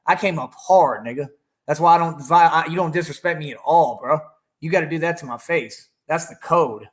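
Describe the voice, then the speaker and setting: A man's voice: fairly high pitch, a little fast. A man on a livestream, taunting and boasting at critics in the chat. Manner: talks over his own song playing. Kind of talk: combative livestream rant.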